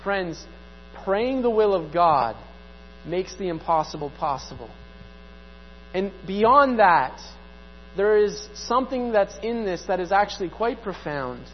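A man's voice: high-pitched, lively intonation, measured pace, slight background noise. Male pastor, sermon delivery, conversational with repeated emphatic lines; long hall reverb, dull recording.

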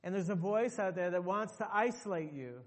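A man's voice: sits high, animated, brisk, in a large hall. A male pastor preaching a sermon emphatically to his congregation, repeating phrases for effect.

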